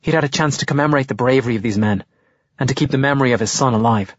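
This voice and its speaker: A man's voice: mid-range voice, racing, dry recording, natural voice. A man voicing an earnest male schoolteacher in an audiobook reading. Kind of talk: audiobook narration. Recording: dull lo-fi dry audio.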